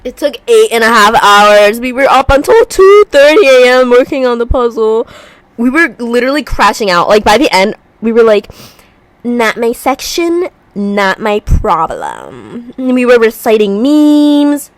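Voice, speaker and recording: A woman's voice: fairly high pitch, normal speed, dry recording. A woman vlogging at home, chatting casually while she works on a puzzle, rambling through stories with a congested voice. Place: room at home by a heater.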